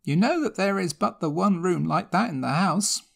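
A man voicing an anxious, fussing elderly housekeeper in a high, pleading voice. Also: lively intonation, normal speed, vocal fry, a bit bright, heavily acted. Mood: fretful. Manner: pleading, fretful.

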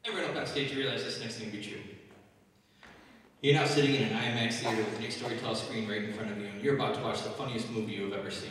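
A man's voice: on the low side, racing, a bit bright, a little hiss or hum. Man hypnotist on stage in an echoey hall. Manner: playful, teasing, commanding suggestions. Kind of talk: live stage show. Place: school auditorium. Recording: distant mic in a reverberant hall.

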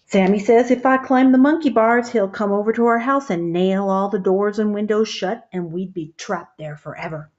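A woman voicing a small boy who is shy at first but quick with playful ideas, in a storybook reading. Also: medium pitch, darkish tone, highs cut off, lightly acted. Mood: worried. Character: timid but inventive young boy.

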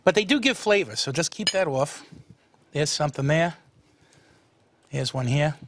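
A man's voice: a little high, expressive, normal speed, a bit bright, no echo. A man hosting a cooking show, chatting folksily while he cooks. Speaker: cooking show host, a monsignor.

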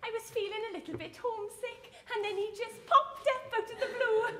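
A woman's voice: very high-pitched, brisk, pushed and bright, reverberant, a little hiss or hum. A performer voicing a flippant young woman, pregnant and back home. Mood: breezy. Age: young adult. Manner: breezy, flippant. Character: cheeky pregnant daughter home from abroad.

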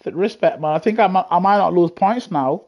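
Over a lo-fi recording, a man with a high voice talks fairly quickly while streaming sim racing live. Wearing a gaming headset at his home rig, he keeps up jokey, cheeky commentary and laughs often.

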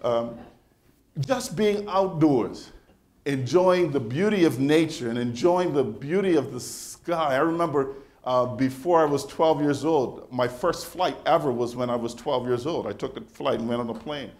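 A male pastor preaching a sermon in a conversational, animated storytelling manner, often restarting his phrases. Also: mid-range voice, normal speed, hardly any pauses.

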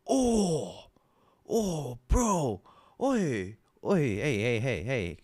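An Australian man reacts live on stream, chatty and quick to get excited, his pitch jumping all over the place. The sound is close and dry with no room around it and no echo, and his voice has a breathy edge.

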